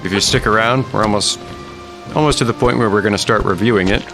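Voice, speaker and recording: Low-voiced man chatting over game music. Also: quick pace. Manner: rambling, chatty, talks to viewers while playing. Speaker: streamer. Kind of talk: casual gaming commentary. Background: video game music.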